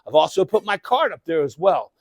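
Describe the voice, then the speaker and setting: Keynote speaker, middle-aged man, high voice, dry close sound, calls out and shouts to the room. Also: fairly quick, no room sound. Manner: animated, calls out to the crowd, bursts into shouting. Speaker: motivational speaker. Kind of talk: live keynote speech to an audience. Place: conference event room.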